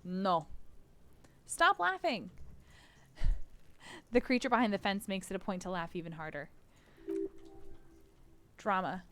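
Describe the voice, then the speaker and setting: A woman streamer reading a video game aloud on a live stream, animated, laughing now and then. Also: mid-range voice, moderate pace, long pauses.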